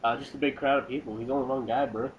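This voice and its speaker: A man's voice: mid-range voice, fairly even intonation, fast talker, low-quality recording. A young man joining a podcast as a guest, dropping laid-back, slangy remarks in casual chat. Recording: noticeable background noise.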